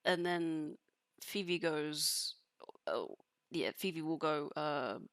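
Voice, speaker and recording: A woman's voice: deep voice, extremely slow, fairly bright tone, no echo, clean studio sound. A woman playing a tabletop role-play game, narrating her character hesitantly with many restarts and giggles.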